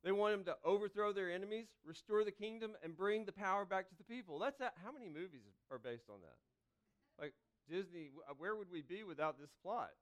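A man delivering a sermon to his congregation in a church, with a high-pitched, crisp, resonant voice. He talks conversationally, with restarts and asides. He builds to loud calls, then drops to hushed, pleading phrases. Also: lively intonation, a little fast. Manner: dynamic preaching, swinging between loud calls and hushed pleas. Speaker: pastor. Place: church sanctuary.

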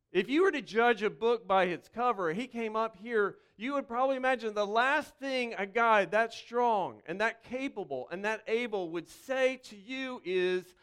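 Animated preacher man with a smooth, resonant voice. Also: sits high. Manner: hushed, slow prayer. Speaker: pastor. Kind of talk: sermon with prayer.

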